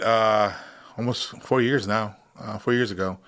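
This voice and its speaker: Low-voiced man telling his story casually. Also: measured pace, clean tone. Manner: relaxed, matter-of-fact, many fillers. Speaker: podcast guest, wounded veteran.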